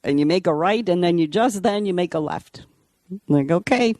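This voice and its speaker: A woman's voice: fairly low pitch, animated, moderate pace, a little mellow, no room sound, clean studio sound. A middle-aged woman, a podcast guest, telling stories in a chatty way and often laughing between lines. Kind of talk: casual storytelling.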